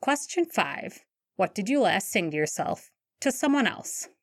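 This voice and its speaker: A woman's voice: medium pitch, big pitch swings, a little slow, no room sound. A woman voicing a studious teenage boy wizard in a podfic, dry and teasing.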